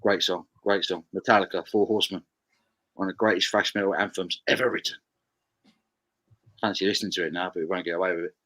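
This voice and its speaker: English stream host reading viewer comments. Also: male voice, deep voice, fairly even intonation, fast, long pauses, fairly bright tone, poor audio. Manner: reads viewer comments aloud, stammering restarts. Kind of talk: casual live-stream chat.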